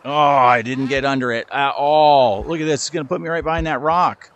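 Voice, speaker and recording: This lo-fi clip with background noise features a middle-aged man hosting a gaming channel, his mid-range voice brisk as he plays VR golf. He makes casual, self-deprecating remarks and talks to the ball.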